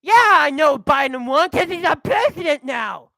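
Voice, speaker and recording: A young adult woman vlogging in a heated, animated rant. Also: high voice, moderate pace, gravelly, no room sound, poor audio. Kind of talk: ranting monologue.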